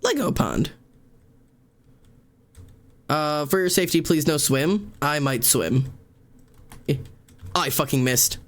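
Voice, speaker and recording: A man's voice: on the high side, sing-song, slow, long pauses. A man live-streaming, chatting casually and rambling while gaming, swearing freely and laughing often into a desk microphone.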